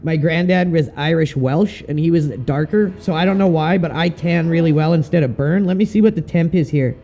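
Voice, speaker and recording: A man's voice: a little high, brisk, dark tone, a little hiss or hum. A man chatting casually and swearing now and then while commenting on his sim racing stream. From Canada.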